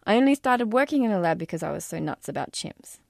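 A man's voice: sits high, fast, vocal fry, no echo, studio quality, exaggerated voice. A woman voicing a charming, easygoing young American man with a faint southern twang. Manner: casual, relaxed.

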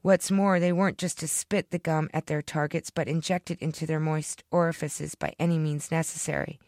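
A woman's voice: low-pitched, fairly even intonation, normal speed, a little mellow, dry recording. Dry, close woman reading fiction. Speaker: author reading her own story.

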